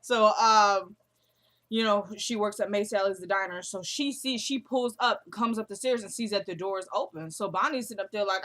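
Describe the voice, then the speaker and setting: A young woman hosting a casual vlog recap of a TV episode, chatty and slangy, acting out the characters' lines in quick quotes. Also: medium pitch, a bit bright. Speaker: show recap host.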